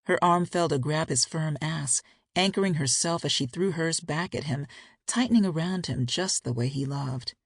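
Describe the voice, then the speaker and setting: A woman narrates a romance audiobook in a steady, intimate way. Her voice has a gravelly fry and a breathy, husky grain. The recording is close and dry. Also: sits low, normal speed, dry recording.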